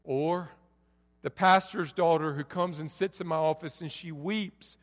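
Middle-aged male pastor, high voice, preaching in a church sanctuary with long hall reverb, soft lows to loud peaks. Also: steady tone, a little slow. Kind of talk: sermon.

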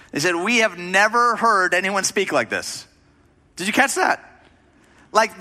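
A male pastor delivering a sermon in a bright, forceful voice pitched a little high. He keeps it conversational, leaning on emphasis and rhetorical questions to the congregation.

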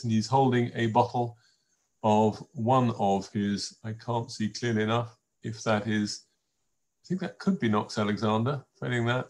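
An older man talks through a wine tasting from his home. His voice sits a little low, and he wanders through his stories with frequent fillers and restarts, in a chatty, unscripted way. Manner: rambling anecdotal storyteller with many fillers and restarts. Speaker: wine presenter. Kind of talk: informal tasting talk to an online audience. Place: home in a village.

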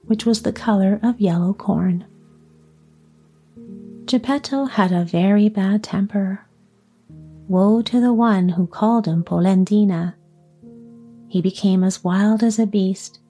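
Slow, breathy woman reading a story. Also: medium pitch, dark tone.

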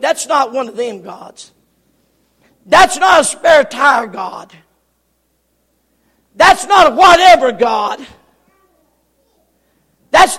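A man preaching a sermon, often shouting and repeating words for emphasis. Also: very high voice. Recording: long hall reverb.

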